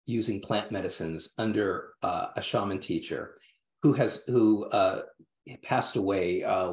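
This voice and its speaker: A man, a guest in an interview, telling a story in a halting way with many restarts and fillers. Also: lowish voice, reverberant. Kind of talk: interview conversation.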